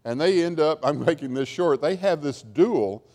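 A man's voice: fairly high pitch, lively intonation, moderate pace, a little mellow. A man teaching a Bible class, telling the story in a chatty, wry way with asides. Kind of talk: informal lecture storytelling. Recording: long hall reverb.

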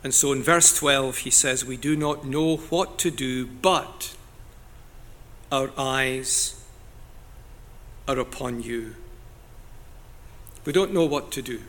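A man preaching a sermon in an earnest, deliberate way, now and then rising to loud cries as he quotes scripture. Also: a little high.

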